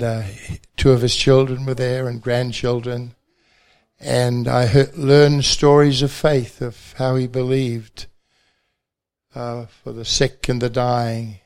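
An older man from New Zealand with a New Zealand accent, a pastor telling his faith testimony at a banquet with gentle self-deprecating humor. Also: medium pitch, clear, resonant tone.

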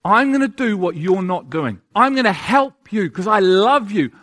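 Male preacher, high pitch, emphatic sermon delivery that keeps asking the listeners questions. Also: animated, normal speed, fairly bright tone. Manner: emphatic, asks the audience rhetorical questions.

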